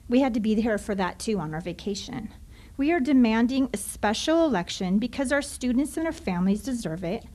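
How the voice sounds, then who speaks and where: A woman's voice: fairly high pitch, lively intonation, a little fast, a little mellow. A woman, a teacher, giving an impassioned, frustrated public comment at a school board meeting into a podium microphone. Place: meeting chamber.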